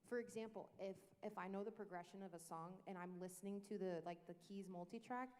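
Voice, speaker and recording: A woman on a worship team who also teaches music, talking casually on a panel in a quick, chatty way full of likes and restarts. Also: mid-range voice, steady tone, a little mellow. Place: church worship space. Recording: echoey hall reverb.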